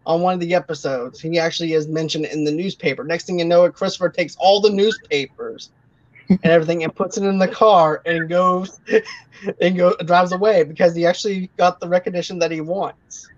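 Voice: mid-range voice, fairly even intonation, fairly quick, no room sound. Podcast co-host recapping a film. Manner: recapping plot with frequent restarts. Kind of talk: casual film recap and chat. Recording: dull lo-fi podcast audio.

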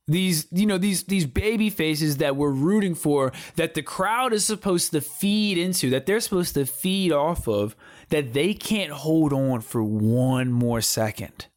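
A man's voice: a little high, measured pace, no echo, studio quality. A man co-hosting a podcast, chatting casually about wrestling in an emphatic, slangy way, often repeating himself. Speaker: podcast co-host. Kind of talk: casual wrestling review chat.

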